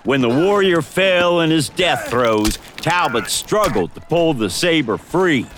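A man narrating a western audiobook in a dramatic, expressive storytelling manner. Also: fairly high pitch, unhurried, a crowd in the background.

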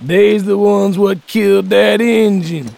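A man doing a gravelly, befuddled drunk frontiersman. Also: high voice, slow pace, a little mellow, voice pushed up, full character voice. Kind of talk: audiobook character voice.

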